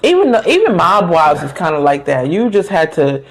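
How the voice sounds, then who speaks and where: A man with a Texan accent from Dallas, co-hosting a casual podcast, chatty and quick to agree. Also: on the high side, huge pitch swings. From Dallas, Texas. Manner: chatty, quick to agree, with frequent backchannel "mm-hmm"s. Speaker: podcast co-host.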